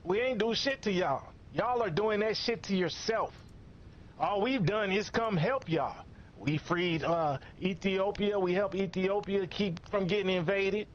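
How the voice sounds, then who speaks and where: A man delivering a profane, scolding commentary rant in a lo-fi recording. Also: high-pitched. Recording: muffled lo-fi recording.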